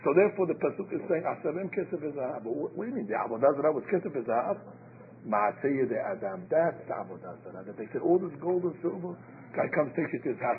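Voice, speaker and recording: A man's voice: on the high side, big pitch swings, fast talker. A man giving an informal Torah lecture, telling stories and acting out quotes, with Hebrew terms mixed into his English. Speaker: rabbi giving a Torah class. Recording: tinny phone-like line with faint hiss.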